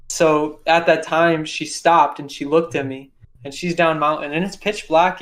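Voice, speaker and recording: A man, a podcast guest, telling a dramatic personal story in a casual interview, repeating phrases for emphasis. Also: fairly high pitch. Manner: intense, repetitive retelling with vivid detail.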